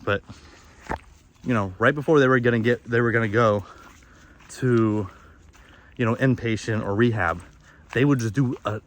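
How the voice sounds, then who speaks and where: A man's voice: on the low side, a bit bright. A young man outdoors in the woods, rambling candidly and profanely through a confessional monologue, often restarting his sentences. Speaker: vlogger.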